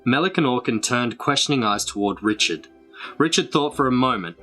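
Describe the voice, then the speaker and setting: Man reading a storybook aloud, bright tone. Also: medium pitch, expressive, soft background music. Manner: measured storytelling narration. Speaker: storybook reader. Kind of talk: reading a children's adventure book aloud.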